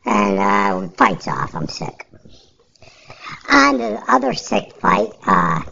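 A woman's voice: a bass voice, wildly swooping pitch, slow pace, vocal fry, pushed and bright, slightly rough, highs cut off. A woman podcast host giving casual, rambling fantasy sports picks in a blunt, offhand way, with some profanity.

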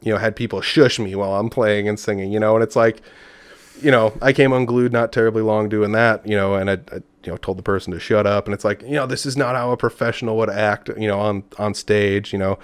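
A man with a lowish voice talks quickly and loosely as a podcast guest. He rambles through anecdotes in casual chat and slips into the voices of people he quotes. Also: steady tone, smooth, dry recording. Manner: rambling storyteller who acts out quotes. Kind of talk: casual conversation.

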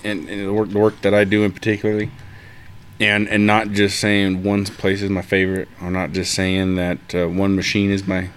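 Low-voiced halting man on a podcast. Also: monotone, a little hiss or hum. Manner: halting, many restarts and repeated words. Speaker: podcast guest, heavy equipment operator. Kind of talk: casual conversation.

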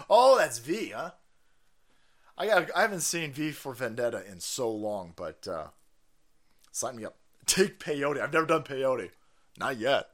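Animated, foul-mouthed man with a lively voice. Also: mid-range voice, normal speed, pauses often. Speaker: live-stream host reading viewer chats. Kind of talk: casual profane rant.

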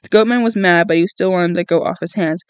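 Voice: medium pitch, quick pace, clear, resonant tone, no room sound. A podcast host reading a novel aloud in first person, with frequent slips and self-corrections. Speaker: podcast book reader.

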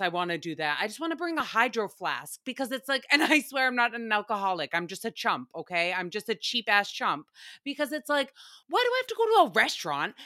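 A woman with a bright, fairly high voice chats casually on a podcast. She is animated and swears freely. The sound is close and dry. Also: dry recording. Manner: animated, profane, laughs often. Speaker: podcast host recapping reality TV. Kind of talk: casual chat.

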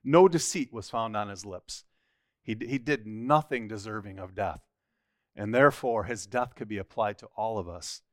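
A man's voice: fairly low pitch, normal speed, no echo, studio quality. A man teaching a church Bible study, reading scripture aloud and then explaining it earnestly, often restarting a phrase.

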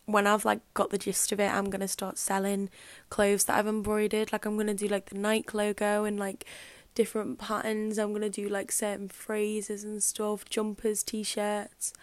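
A woman's voice: medium pitch, monotone, normal speed, no echo. A young woman hosting her podcast, chatting casually and rambling with lots of "like" and "um". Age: young adult. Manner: chatty and rambling, fills speech with "like" and "um". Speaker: podcast host. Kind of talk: casual solo podcast chat.

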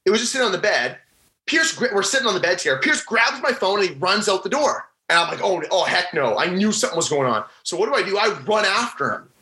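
Bright-voiced young man telling a story. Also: high-pitched, quick pace, poor audio. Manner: animated, acts out the voices of friends in his story. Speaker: former college hockey player. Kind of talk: casual storytelling interview.

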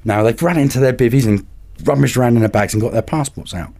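A man, a podcast guest and carp angler, telling anecdotes in a lively way and acting out the voices of people in them. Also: medium pitch, fast, creaky. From England. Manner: animated, acts out other people's voices in anecdotes. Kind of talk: casual storytelling.

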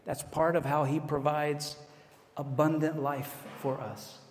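A man's voice: on the high side, flat delivery, takes it slowly, a little hiss or hum. An American man preaching a sermon as a pastor, conversational, with self-deprecating asides. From United States. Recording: echoey hall, long reverb.

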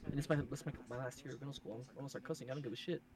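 A young man co-hosting a podcast, telling a school story in casual, profane, animated chat. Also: medium pitch, very fast, distant mic, a crowd in the background. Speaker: podcast co-host.

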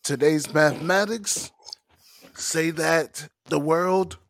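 A man doing an impression of a famous rapper as a slow, solemn, preachy sage. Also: on the high side. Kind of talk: impression in casual podcast chat.

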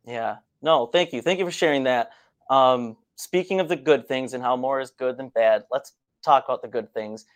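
Host: man, mid pitch, easygoing storyteller, friendly questions. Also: moderate pace. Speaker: podcast host, runner. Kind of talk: casual conversational interview.

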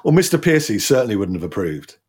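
A middle-aged man hosting a casual interview, reacting with warm, jokey asides. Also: fairly low pitch, sing-song, fast, breathy edge. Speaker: podcast host.

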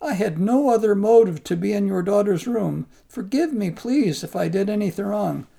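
A man voicing a humble monk, pleading earnestly in a gravelly voice. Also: high-pitched, expressive, moderate pace, mellow, full character voice. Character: humble pleading middle-aged male monk.

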